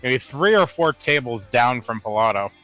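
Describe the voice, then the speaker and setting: A man co-hosting a podcast, recounting anecdotes in casual, animated chat full of "like" fillers. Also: mid-range voice, normal speed, faint music behind. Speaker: podcast co-host.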